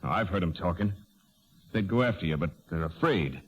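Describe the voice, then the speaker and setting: An ardent stable hand speaks earnestly in a very low voice. This is 1930s radio acting. It comes through a dull, muffled old broadcast recording. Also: male voice, lively intonation, brisk, husky. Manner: earnest, forceful. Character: stable hand, rough, ardent young man.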